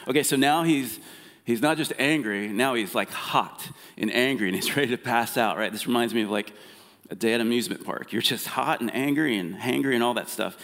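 A male pastor giving a casual sermon and talking as if chatting with the congregation, often restarting his sentences. His voice sits at an ordinary middle pitch. The sound rings with the long reverb of a church hall. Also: a little fast, a bit bright. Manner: conversational, frequent fillers and restarts.

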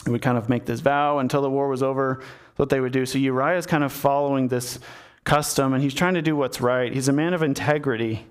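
A man's voice: medium pitch, clear, resonant tone. A man giving a sermon in a conversational storytelling manner, talking to his listeners directly. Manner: conversational storytelling, acts out the characters. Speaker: preacher.

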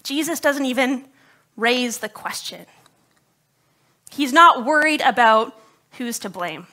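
A woman's voice: high-pitched, animated, slow, sharp tone. A woman pastor preaching a sermon to her congregation, conversational and joking, with a slightly scratchy throat. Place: church service before a congregation.

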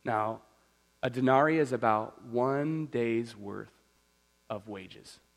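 A male pastor preaching in an animated, storytelling manner. He keeps a conversational, everyday tone, with his pitch in a middle range. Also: slow pace, rough recording. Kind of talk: sermon.

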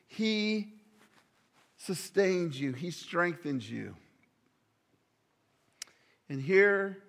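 A man's voice: on the high side, in a large hall. A man preaching a sermon earnestly, sometimes dropping to a near whisper on key words. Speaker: pastor.

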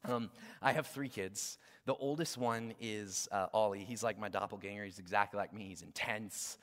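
A man in his thirties, a guest pastor preaching a sermon in a casual, conversational way that swings between loud emphasis and hushed, near-whispered moments. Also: on the low side, moderate pace. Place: church hall. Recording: long reverb of a large hall.

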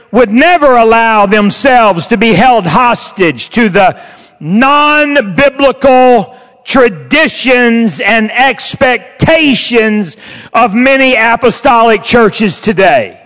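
A man with a very high voice delivers a sermon in a church. He speaks slowly and emphatically, stretching the words he stresses. The sound rings with the long reverb of a large hall. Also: expressive, fairly bright tone. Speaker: preacher. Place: church sanctuary.

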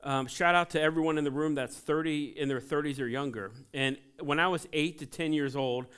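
A man in his forties from Ohio preaching a sermon in a church, conversational and joking, telling animated personal stories. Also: fairly high pitch, brisk, smooth. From Ohio, USA. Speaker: pastor. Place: church sanctuary.

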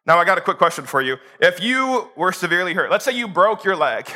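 A man preaching a sermon as pastor, telling the story in an animated, humorous way. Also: high voice, fast talker.

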